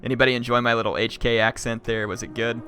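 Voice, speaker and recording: A man live-streaming a strategy game, excitably yelling orders at his units and chatting with viewers. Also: mid-range voice, fast, soft background music.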